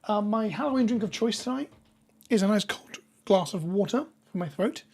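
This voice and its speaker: A woman with a hoarse voice, chatting casually with viewers on a live stream. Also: mid-range voice, expressive, moderate pace, a little mellow. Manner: chatty, reads viewer names and jokes with chat.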